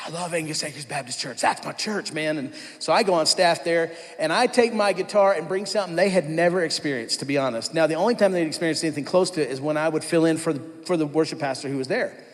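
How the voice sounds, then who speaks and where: A man telling his personal testimony to a church congregation in a conversational storytelling way, acting out what others said. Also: fairly high pitch. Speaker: church worship leader giving his testimony. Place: church sanctuary. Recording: long church-hall reverb.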